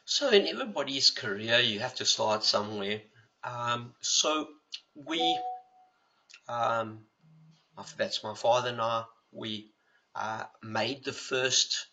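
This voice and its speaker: A man's voice: medium pitch, muffled recording. Older South African man telling stories. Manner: animated, acts out dialogue, many fillers. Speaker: judo historian recounting memories. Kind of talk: casual storytelling.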